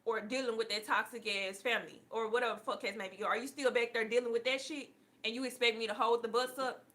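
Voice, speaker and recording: A woman voicing God as an exasperated deity, scolding loudly and swearing. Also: a little high, steady tone, fast, lightly acted. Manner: loud, profane, mock-impatient.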